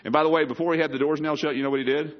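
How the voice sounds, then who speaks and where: A man's voice: fairly high pitch, steady tone, racing, dull audio. A man preaching a sermon as a pastor, talking in a conversational way with joking asides to the congregation.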